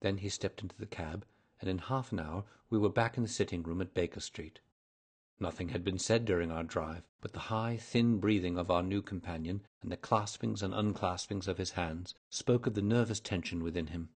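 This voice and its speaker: Male narrator for a classic mystery, low and husky, measured delivery. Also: darkish tone. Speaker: storyteller. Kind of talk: scripted narration of a classic story.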